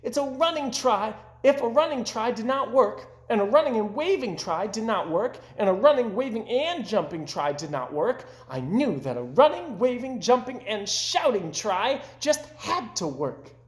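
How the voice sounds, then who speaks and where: A man puts on an upbeat little storybook frog, chirpy and high, leaping about in pitch as he spins a tale. The sound is roomy, with an echo around it. He takes his time, drawing the words out slowly. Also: very animated. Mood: excited. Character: cheerful optimistic storytelling frog, male. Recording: roomy echoing room.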